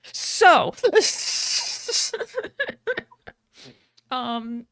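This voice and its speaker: A woman's voice: a little high, sing-song, very slow, fairly bright tone, no room sound, clean studio sound. A woman hosting a podcast, recapping a video game story in a giggly, rambling way with many fillers. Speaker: podcast host.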